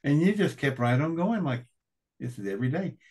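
A man's voice: a little high, sing-song, a little fast, a little mellow, husky, voice pushed up. A man putting on a navy intelligence officer who talks with emphatic disbelief in a raised voice. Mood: amazed. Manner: emphatic, incredulous. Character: astonished male naval intelligence officer.

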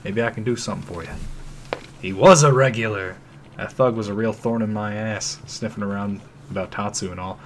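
A man's voice: on the low side, a little fast, a little hiss or hum, lightly acted. A man voicing a wry, easygoing older male shopkeeper. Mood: dry.

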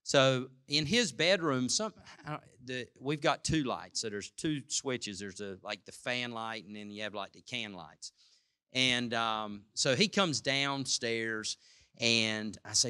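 A man's voice: medium pitch, normal speed, bright, forceful tone, clear, resonant tone, dry recording, studio quality. A male pastor, sharing family stories in a casual conversational sermon with many restarts.

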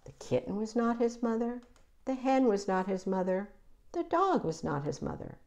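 A woman reading a children's picture book aloud, with an expressive, animated delivery. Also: fairly high pitch, normal speed. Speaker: children's story reader. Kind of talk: read-aloud storytelling.

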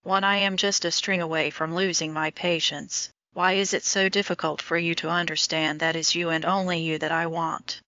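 A woman's voice: lowish voice, level tone, moderate pace, hardly any pauses, bright, forceful tone, no room sound. A woman voicing an intense, lovesick young man in an audiobook romance, speaking in an urgent, pleading way. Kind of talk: audiobook dialogue reading. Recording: dull lo-fi audio.

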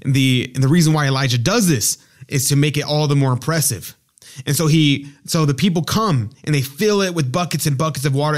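Rambling man telling a Bible story. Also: on the high side. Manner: rambling, with many fillers and restarts. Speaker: podcast host. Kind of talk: casual storytelling talk on scripture.

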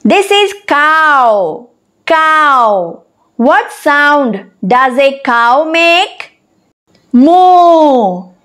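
With a high, bright and forceful voice, a woman gives a very slow, deliberate lesson for young children. She draws her speech out, animated throughout, and pauses to spell words letter by letter.

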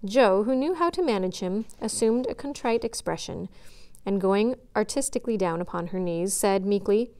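A woman, a children's librarian, reading a chapter book aloud in a friendly, measured way. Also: mid-range voice, lively intonation, a little mellow.

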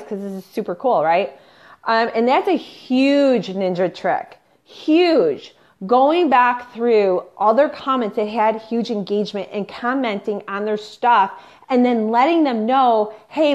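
A woman business coach on an unscripted live stream, chatty and pushy, peppering her talk with "like" and "you guys". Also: mid-range voice. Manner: upbeat and pushy, coaching the viewers directly. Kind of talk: unscripted Facebook live training. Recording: slightly dull lo-fi livestream audio.

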